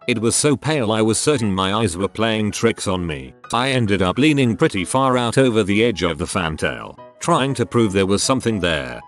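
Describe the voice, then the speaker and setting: Male narrator, low and lively-pitched, reading stories steadily over faint music. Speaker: story narrator. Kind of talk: reading online stories aloud.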